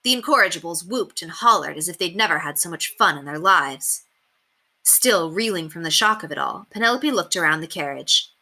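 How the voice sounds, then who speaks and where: A woman teacher reading a chapter book aloud with expressive storytelling. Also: lowish voice.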